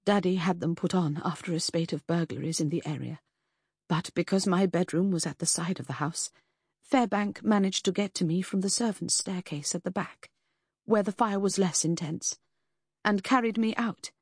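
An earnest, distressed young woman, as a woman narrator puts her on, lifting her voice well above the reader's usual low tone. The tone stays a little husky and is recorded close and dry. She sounds tremulous and pleading. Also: moderate pace, darkish tone, no echo.

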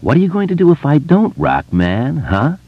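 A man's voice: on the high side, huge pitch swings, normal speed, breathy edge, no room sound, muffled recording, voice pushed up, heavily acted. A man voicing a teenage boy bully who taunts and raves in a raised voice. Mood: taunting. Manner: taunting, raving. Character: teen boy bully, menacing, unhinged.

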